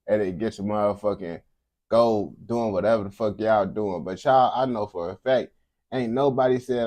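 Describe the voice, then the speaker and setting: A man's voice: on the low side, normal speed, a little mellow, no room sound. A man streaming casual reaction commentary, blunt and heavy on slang.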